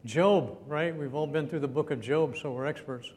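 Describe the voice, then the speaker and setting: At a normal speed and with a darkish tone, this preacher delivers his sermon like a conversation, throwing questions to the audience and chuckling occasionally. Echo fills the hall, over a faint rumble.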